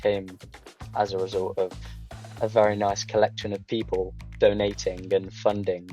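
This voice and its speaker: A man's voice: on the low side, flat delivery, normal speed, dark tone, faint music behind. A young man, a drama student, telling his story casually in an interview, chatty and full of fillers, joining online. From Coventry, England. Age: young adult. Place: online call.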